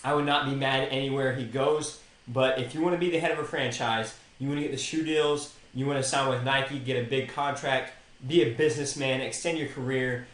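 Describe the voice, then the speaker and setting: A man's voice: medium pitch, steady tone, fairly quick, hardly any pauses, a bit bright. Young man with opinions in a roomy space. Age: young adult. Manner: opinionated, addresses players directly. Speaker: podcast co-host. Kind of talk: casual sports chat. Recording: roomy echo.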